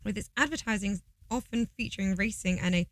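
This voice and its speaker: A woman co-hosting a podcast in casual chat, playful and quick to laugh. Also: medium pitch, dry recording, rough recording. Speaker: podcast co-host.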